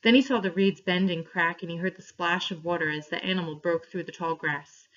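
Woman reading a story to a class. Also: on the low side. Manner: clear, steady reading with pauses for questions. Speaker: teacher reading a story aloud. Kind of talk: read-aloud story for a class. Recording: dull lo-fi recording.

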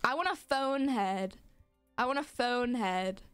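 A woman's voice: a little high, takes it slowly, smooth, soft background music. A young woman streaming a game live, giggling and reacting in bemused disbelief as she reads its text aloud.

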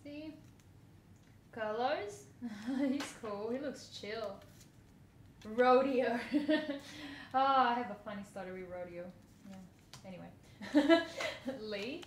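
A woman's voice: a little high, takes it slowly. A woman chatting casually through a card unboxing, giggling and squealing over cute cards. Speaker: vlogger. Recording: echoey room, faint noise.

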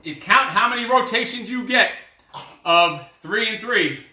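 Male bootcamp coach: high, bright, profane and aggressive, heard from across a roomy space. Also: lively intonation, measured pace, recorded from a distance. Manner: loud, profane, fired-up motivational barking. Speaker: fitness coach. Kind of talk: live workout coaching. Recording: roomy sound from away from the mic.

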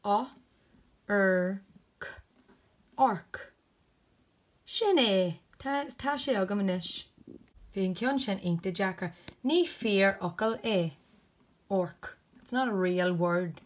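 A woman's voice: mid-range voice, slow pace, long pauses. A woman teacher, sounding out letters one by one in a phonics lesson for children.

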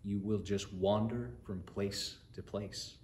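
Solemn divine judge read by a man for a children's story, measured and commanding, some room echo. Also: on the low side, steady tone, a little mellow, slight background noise. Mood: stern. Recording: roomy echo.

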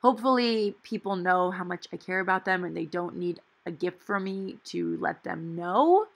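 A woman's voice: lowish voice, normal speed, gravelly. A young woman in her twenties talking casually and rambling through her week as a planner vlogger, with playful asides. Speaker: planner vlogger and dental hygiene student. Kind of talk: casual chatty voice-over while planning.

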